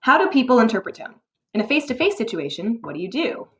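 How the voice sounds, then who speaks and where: A woman teacher narrating clearly. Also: fairly high pitch, big pitch swings, fast, a bit bright, a little hiss or hum. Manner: clear, explanatory, with rhetorical questions. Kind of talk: scripted narration for a test-prep lesson.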